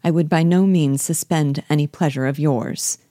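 A proud, reserved gentleman, as a woman reads him, grave and cool in his replies. The voice is low and warm, the sound dry. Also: moderate pace, no echo, close to an everyday voice.

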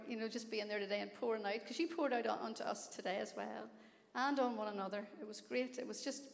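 An older woman with a Northern Irish accent, a guest preacher talking effusively to a church and breaking into excited exclaims and laughs. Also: on the high side. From Northern Ireland. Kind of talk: warm church address. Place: large church sanctuary. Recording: long hall reverb.

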